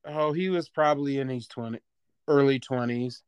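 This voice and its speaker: A man co-hosting a casual podcast, telling stories in an animated way and laughing between words. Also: mid-range voice, normal speed, clear, resonant tone, no echo. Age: adult parent. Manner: animated storyteller, laughs mid-sentence. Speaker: podcast co-host.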